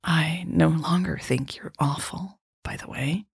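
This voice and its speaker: A warm, gently teasing woman, voiced by a woman reading a storybook. Her tone is low and a little gravelly. It comes across husky and close, in a dry room. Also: expressive, unhurried, dry recording, full character voice. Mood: whispered.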